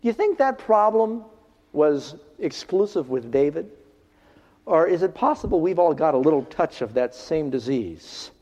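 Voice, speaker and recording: A pastor preaching to his congregation. His voice sits a bit high, rising loud for emphasis and dropping to a hush. The recording is dull and lo-fi, with a long reverb from the hall around him. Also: moderate pace. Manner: animated preaching, swings from loud to hushed. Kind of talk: sermon. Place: large hall, in front of a congregation.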